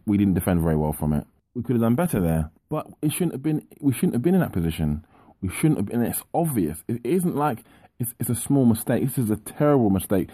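A man's voice: medium pitch, mellow, slightly rough, no echo. A man co-hosting a football podcast, venting in an exasperated, repetitive rant. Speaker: podcast co-host.

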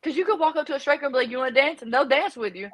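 Young woman guest on a chat show, brash and jokey, voice sits a bit high. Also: expressive, rapid-fire, poor audio. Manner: brash, joking storyteller. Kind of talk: casual chat.

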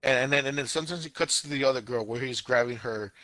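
A young man co-hosting a casual podcast, recounting a show with exasperated, animated energy and silly put-on voices for the scenes. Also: medium pitch, fast talker, no echo. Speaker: anime podcast co-host. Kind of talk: casual podcast review chat.

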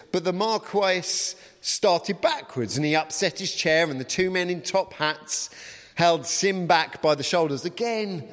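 A man preaching a sermon in a loose, conversational manner, often pausing on ums and uhs. His voice sits a little high and carries the long reverb of a large church hall. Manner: chatty, with frequent ums and uhs. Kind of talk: sermon with a read-aloud story.

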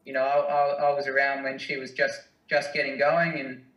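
A young Australian man answering interview questions in a hesitant, halting, self-deprecating way. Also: mid-range voice, little pitch movement, fairly bright tone. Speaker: guest, distance runner. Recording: roomy, mic at a distance.

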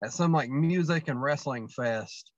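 A man with a fairly high voice tells stories as a podcast guest, rambling and circling back with plenty of fillers. The sound is dry and a little dull, like a modest lo-fi setup. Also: a little slow, no echo. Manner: rambling, many fillers and restarts. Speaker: guest wrestler. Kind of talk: casual storytelling chat.

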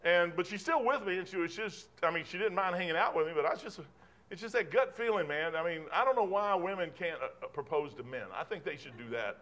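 A man's voice: sits high, lively intonation, fast, fairly bright tone. An older man preaching an informal sermon in a folksy, rambling, conversational way, drifting between Bible reading and personal stories.

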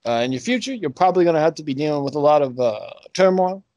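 A mock-solemn phone psychic with a put-on Southern US drawl, done by a man, halting and stumbling as he predicts. His voice is a little high and swings widely, slow and close in a dry room. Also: expressive, a little mellow, dry recording, lo-fi sound, natural voice. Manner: halting, stumbling over his words, cracking up. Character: male politician playing a phone psychic.

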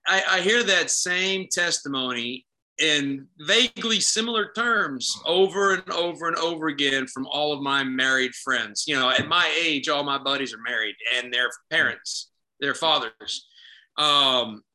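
Bright-voiced reflective man. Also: fairly high pitch, measured pace, low-quality recording. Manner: reflective, brief agreeing interjections. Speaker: podcast co-host. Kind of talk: casual chat.

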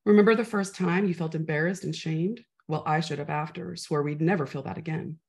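A woman reciting her own spoken-word poem with a rhythmic, measured delivery. Her voice sits low and carries a gravelly texture. She lets the lines fall softly and expressively. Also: steady tone. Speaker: poet. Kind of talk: spoken-word poetry reading.

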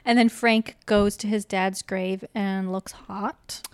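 Young woman podcaster retelling a film plot, smooth clear voice, dead dry room. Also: medium pitch, fairly even intonation, takes it slowly, no echo. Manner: chatty, retells plot with quoted lines, laughs often. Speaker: podcast co-host. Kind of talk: casual film recap chat.

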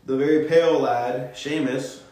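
A relaxed man co-hosting a casual podcast, talking in an easygoing way with plenty of ums. His voice sits at an ordinary pitch. It bounces around a very echoey room. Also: a little slow. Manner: laid-back, says um often, laughs easily. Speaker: podcast co-host. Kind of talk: casual wrestling review chat.

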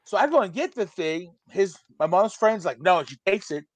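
A man in his forties tells a profane, animated story, jumping into the voices of the people in it. His voice sits high for a man. The sound is dry and close to the mic. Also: normal speed, no room sound. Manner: profane, animated, acts out quotes. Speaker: storyteller guest. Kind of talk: casual podcast storytelling.

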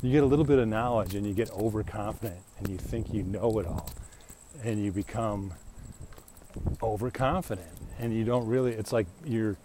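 Speaking into a handheld mic on an outdoor walk, a middle-aged man vlogs in a mellow, fairly low voice at an ordinary pace. He rambles, airs opinions freely and laughs a lot, with a bit of hiss or hum underneath.

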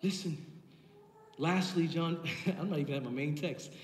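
A man's voice: a little high, moderate pace. A man preaching a sermon as pastor, impassioned and building through repeated phrases, heard in a church sanctuary. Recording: echoey hall from far off.

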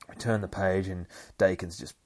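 A man's voice: deep voice, steady tone, moderate pace, a little mellow, no room sound. A man hosting a podcast, recapping a comic book issue in casual, heavily profane talk and acting out the fight sound effects. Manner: profane, swears constantly. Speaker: podcast host.

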